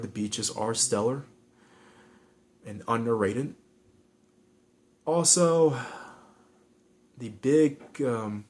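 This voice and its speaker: A man's voice: mid-range voice, darkish tone. A man with a Southern California accent giving frank, rambling advice in a casual vlog, with many restarts and fillers.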